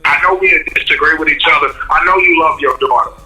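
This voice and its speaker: A man pleads through tears in a heated argument, saying the same words over and over. His voice is bright and strained and sits fairly high. It sounds echoey, with faint music playing underneath. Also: fast talker. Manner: pleading, repeats himself, tearful. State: crying. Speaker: livestream guest.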